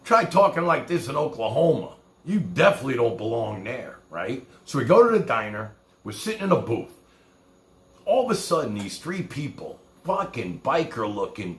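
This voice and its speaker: A man's voice: medium pitch, roomy sound. A man from New York with a New York accent, telling rambling, profane stories in casual talk as a streamer. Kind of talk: casual storytelling.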